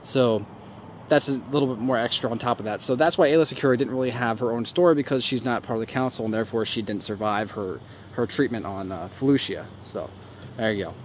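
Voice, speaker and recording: A man's voice: mid-range voice, fast. Rambling young man outdoors by a street. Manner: loose and rambling, many fillers. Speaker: YouTube host. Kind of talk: casual talk to camera answering comments. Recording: faint street noise outdoors. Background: faint traffic.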